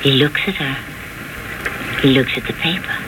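A man's voice: mid-range voice, noisy background. Wry male radio-play narrator. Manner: measured, wry storytelling. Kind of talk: scripted dramatic narration.

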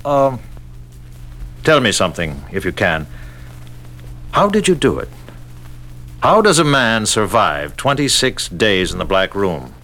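A polite yet probing prison chief in a radio drama. His low voice rises and falls expressively as he asks measured, courteous questions. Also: very animated, pushed and bright, soft background music, full character voice.

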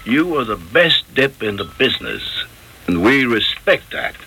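An actor playing a slangy, smooth-talking male mob messenger in radio drama style. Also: medium pitch, big pitch swings, a little slow, sharp tone, a little hiss or hum, full character voice, rough recording. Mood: sly. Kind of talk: 1970s radio drama acting.

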